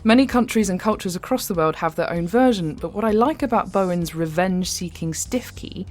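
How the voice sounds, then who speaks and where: A woman's voice: on the low side, brisk, darkish tone, faint music behind. An English woman hosting a horror podcast, giving wry, conversational commentary with light humour. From England. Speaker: podcast host. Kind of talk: reflective commentary after a story.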